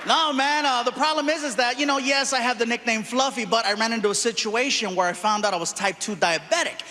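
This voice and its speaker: A male stand-up comedian telling animated stories on a theater stage and acting out characters. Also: extremely high pitch, a little fast, in a large hall. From United States. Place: theater stage before a live audience. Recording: live show with audience and background noise.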